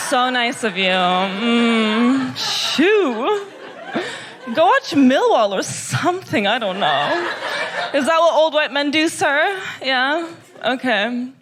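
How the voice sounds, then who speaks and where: High-voiced sarcastic woman comedian. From Kazakhstan. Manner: sarcastic, mock-gushing irony. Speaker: stand-up comedian. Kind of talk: stand-up comedy set. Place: comedy club.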